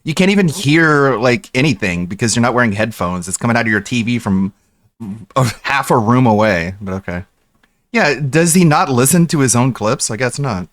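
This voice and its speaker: A man's voice: medium pitch, animated, normal speed, fairly bright tone, no room sound. A man streaming live, reacting to a video with dry, sarcastic heckling.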